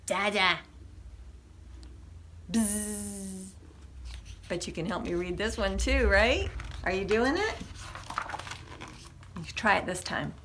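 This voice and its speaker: Slow, playful storytime librarian woman. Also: medium pitch, animated, fairly bright tone, slight background noise. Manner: reads with playful animal noises and questions to young listeners. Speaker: children's librarian. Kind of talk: children's storytime read-aloud.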